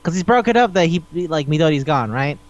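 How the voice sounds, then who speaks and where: Animated, swearing podcast guy, lo-fi. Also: on the high side, fast talker. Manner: animated, rambling, swears freely. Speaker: podcast co-host. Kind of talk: casual chat.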